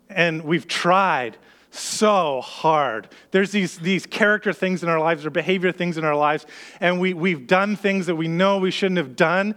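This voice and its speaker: Earnest high-voiced male pastor preaching. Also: fairly bright tone. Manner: earnest, conversational, acts out worried inner voices. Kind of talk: sermon.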